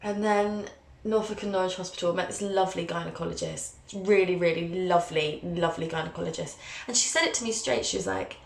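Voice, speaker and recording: A woman's voice: lowish voice, fairly quick, gravelly. Chatty, candid young woman, roomy sound. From England. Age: 20s. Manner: chatty, candid and self-mocking, playfully dramatic. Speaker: vlogger, journalism student. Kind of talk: casual personal storytelling to camera.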